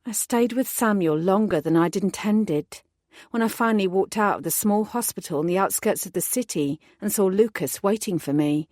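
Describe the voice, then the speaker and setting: A woman narrating a first-person audiobook in a clear, steady storytelling voice on a close studio mic. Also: on the low side, no echo.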